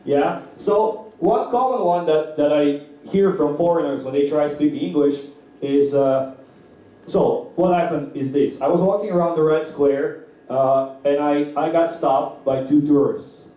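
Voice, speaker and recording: A man's voice: on the high side, unhurried, dark tone. A man hosting a comedy night. He chats with the audience, asks them questions and tells an opening joke before he introduces the first comic. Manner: chatty, asks the crowd questions. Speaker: comedy show host. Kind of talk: stand-up club emcee banter. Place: comedy club. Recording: echoey club heard from a distance.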